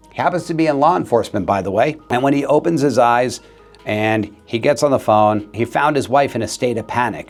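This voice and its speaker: A man in a talking-head video, relaying a story in an earnest, conversational way. His voice sits at a middle pitch, and soft music plays faintly underneath. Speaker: real estate agent.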